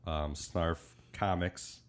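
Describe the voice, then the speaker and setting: A man with a very low voice co-hosting a casual podcast. He rambles through jokes with his friends, and his sentences often sink to a mumble at the end. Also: steady tone, slow pace. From Illinois. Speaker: podcast co-host. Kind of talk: casual chat.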